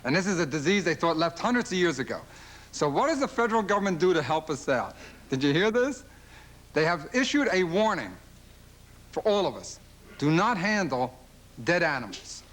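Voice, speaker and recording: A male stand-up comedian, firing off observational jokes on a late-night talk show and mimicking fans in silly voices. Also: sing-song. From Philadelphia. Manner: rapid-fire observational jokes, mimics fans and dog owners in high voices. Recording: old television broadcast with loud audience laughter. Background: studio audience laughing.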